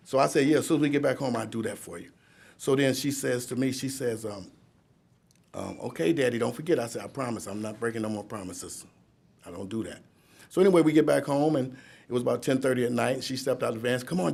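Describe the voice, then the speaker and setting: Speaking to an audience at a courtroom ceremony, this fifty-something man tells his recovery story in a loose, meandering way and chuckles at himself. His voice is mid-range and somewhat dark, with a touch of vocal fry.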